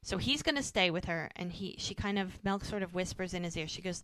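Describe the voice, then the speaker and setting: A podcast co-host talks through a TV episode in a casual recap, slipping into the characters' lines as she retells each scene. Her pitch is fairly low, her tone a bit bright, and her speed normal. The studio-quality recording has no room sound.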